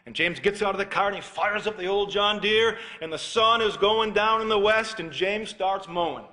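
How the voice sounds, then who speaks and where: A man preaching a sermon, telling a story with acted dialogue and then dropping to a hushed, earnest plea and prayer. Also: on the high side. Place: church.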